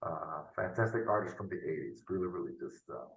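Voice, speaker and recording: A man's voice: deep voice, expressive, brisk. A man tutoring math in a loose, unscripted lesson, thinking aloud and often ending with tag questions, heard over a video call. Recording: roomy, from off the mic.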